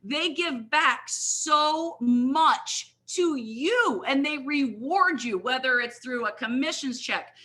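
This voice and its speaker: A middle-aged woman with a high, ringing voice speaks at a live company event. Her tone is bright and forceful as she rallies her listeners with motivational enthusiasm. She talks directly to the crowd, calling them "you guys" again and again. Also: slow pace, few pauses. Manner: energetic, keeps addressing the crowd as "you guys". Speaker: guest speaker, network marketing leader.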